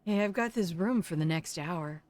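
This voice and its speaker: An older woman streaming a game, reading its text aloud and putting on animated character voices. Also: on the low side, normal speed. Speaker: streamer playing a visual novel game.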